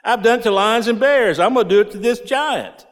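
A man's voice: high-pitched, moderate pace, lightly acted. A man voicing young David as a bold, cocky shepherd, paraphrasing him in folksy slang. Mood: confident. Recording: long hall reverb.

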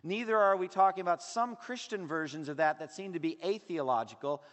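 Male pastor, slightly high voice, emphatic sermon delivery, heard in a reverberant sanctuary. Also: fairly quick. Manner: earnest, emphatic preaching with a wide range of loudness. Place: church sanctuary. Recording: long hall reverb.

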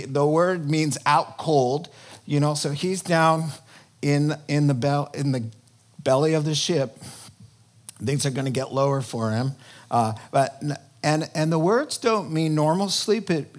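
A man preaching a sermon in an animated, conversational way, breaking into sudden loud emphasis. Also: on the high side. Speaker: pastor.

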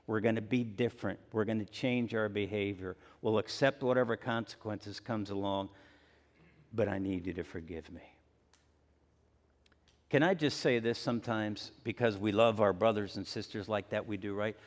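A male pastor preaching a conversational sermon, acting out everyday apologies in lively asides. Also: fairly low pitch, moderate pace, in a large hall. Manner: conversational, acts out everyday apologies with rising energy.

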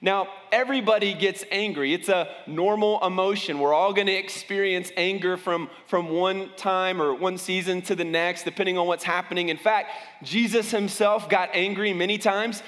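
A man's voice: high-pitched, steady tone, moderate pace, a bit bright, long reverb tail. A man preaching as a pastor, talking conversationally and often restarting his sentences. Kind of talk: sermon.

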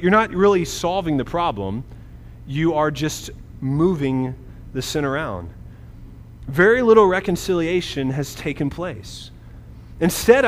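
A middle-aged man preaching a sermon as a pastor, talking to the congregation in a conversational way and often checking in with a quick "right?". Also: fairly high pitch, a little hiss or hum. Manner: conversational, frequent "right?" asides. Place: church hall. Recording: reverberant hall, faint ambience.

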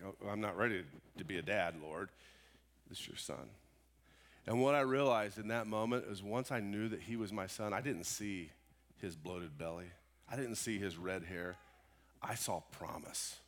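A man preaching a sermon, telling a story with animated voices that swing from loud exclamations to hushed, quiet lines. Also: medium pitch. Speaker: pastor.

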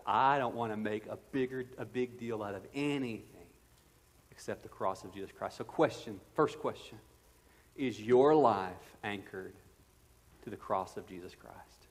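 A man in his thirties preaching a sermon as pastor, earnest and conversational with playful asides. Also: medium pitch. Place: church sanctuary. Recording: long reverb of a church hall.

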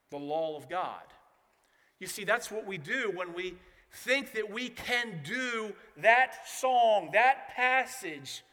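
A man's voice: high-pitched, sharp tone, big-room sound. A man preaching a sermon as pastor, earnest and emphatic.

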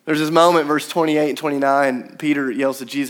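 A young man preaching a sermon in a conversational, animated way, acting out the quotes he tells. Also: mid-range voice, normal speed. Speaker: pastor.

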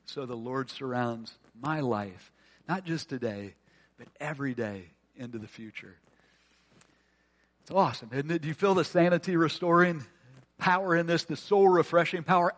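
A male pastor with a fairly high voice delivers a conversational, earnest sermon, posing rhetorical questions and dropping now and then to a hushed voice.

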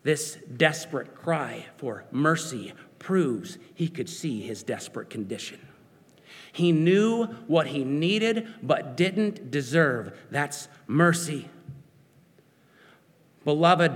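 A man's voice: on the high side, fairly bright tone, in a large hall. A man preaching a sermon, earnest and searching, putting questions to his listeners.

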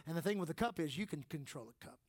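A male pastor preaching a sermon emphatically, swinging between shouts and low asides and laughing often. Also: animated, fast talker.

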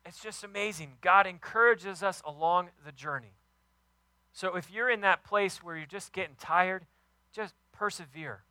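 A man preaching a sermon with enthusiastic, emphatic delivery, warm about his kids and his faith. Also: sits high, moderate pace, dry recording, rough recording. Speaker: pastor.

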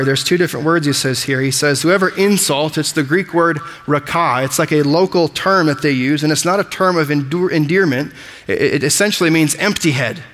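Pastor, male, higher-than-average voice; emphatic preaching style, recorded with lingering room reverb. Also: brisk, a bit bright. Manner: emphatic preaching, explains Greek words. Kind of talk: sermon.

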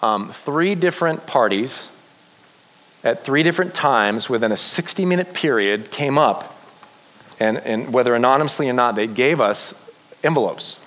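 Guy preaching to youth, tells the story all animated, voice bouncing around a big echoey hall. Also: medium pitch, normal speed. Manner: animated storytelling with acted quotes. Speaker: youth pastor. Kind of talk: sermon.

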